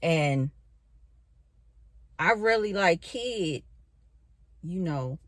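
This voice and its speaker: Young woman rambling slowly to her cam in her bedroom, lots of likes, dry close sound. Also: on the low side, dry recording. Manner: animated, filler-heavy, swears casually. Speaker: spiritual vlogger. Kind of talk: casual storytelling to camera. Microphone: camera in a bedroom.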